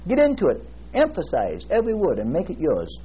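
A male pastor preaching a sermon in a folksy storytelling way, slowing down to stress scripture word by word. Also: high-pitched, huge pitch swings. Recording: muffled lo-fi recording with faint hiss.

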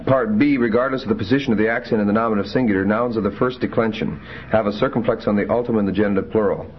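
Man, teacher, methodical lecture, halting fillers, faint background hiss. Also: on the low side. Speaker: Greek teacher. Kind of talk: classroom lecture. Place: classroom. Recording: muffled lo-fi classroom recording.

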